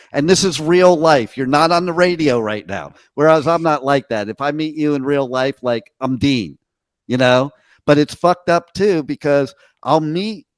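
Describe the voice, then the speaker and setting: A man's voice: a little high, no echo. A middle-aged man, a radio host, telling brash stories and swearing freely in a casual interview.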